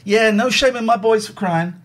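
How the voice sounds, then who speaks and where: A man in his forties chatting casually on a podcast, jokey and quick to slip into silly voices. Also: high-pitched. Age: 40s. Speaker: podcast host. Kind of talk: casual chat.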